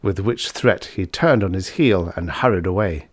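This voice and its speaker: Male storyteller, lower voice, animated reads, dry booth sound. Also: normal speed, no echo. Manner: expressive storytelling. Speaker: audiobook narrator. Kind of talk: scripted narration.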